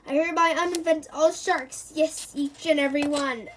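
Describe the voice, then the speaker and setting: A woman's voice: sits high, fairly even intonation, normal speed, fairly bright tone, slight background noise. A woman reading aloud the lines of a pompous, eccentric older male professor who makes grand pronouncements. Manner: grand, proclaiming, easily offended.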